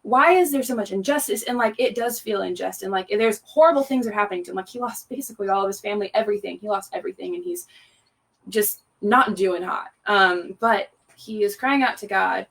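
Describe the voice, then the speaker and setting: A woman's voice: mid-range voice, a little fast, vocal fry, fairly bright tone. A young woman leading worship, chatting casually about a song between sets with many fillers and easy laughs. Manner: chatty, lots of "um" and "like", laughs easily. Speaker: worship leader. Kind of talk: casual devotional talk between songs.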